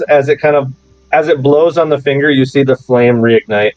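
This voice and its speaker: A man's voice: a little high, a little fast, a little mellow, dull audio, faint music behind. A man narrating as game master in a tabletop game, describing scenes loosely with lots of "like"s. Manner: loose, casual describing with many "like"s.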